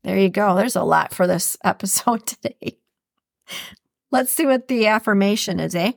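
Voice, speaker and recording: Chatty woman podcast host, gravelly edge. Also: mid-range voice, moderate pace, no echo, studio quality. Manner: chatty, laughs often, animated. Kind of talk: casual solo podcast talk.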